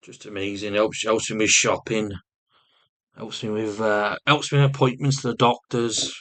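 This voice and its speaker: A man's voice: on the low side, steady tone, moderate pace, a bit bright. A man vlogging with rambling personal storytelling, swearing constantly and restarting often.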